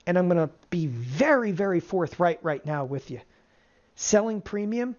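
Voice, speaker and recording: A middle-aged options trading instructor teaching a live webinar, energetic and firing rhetorical questions at the audience. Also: mid-range voice. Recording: dull lo-fi webinar audio.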